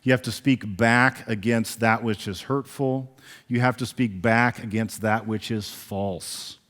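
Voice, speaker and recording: A man preaching a sermon as pastor, animated and acting out the voices he quotes. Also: mid-range voice, measured pace. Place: church sanctuary. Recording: long reverb of a large church hall.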